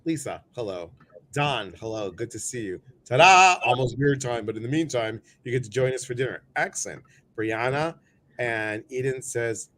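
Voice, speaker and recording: A middle-aged man hosting a live stream, greeting viewers by name in a playful, jokey way, often jumping his voice up high. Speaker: host of a live show.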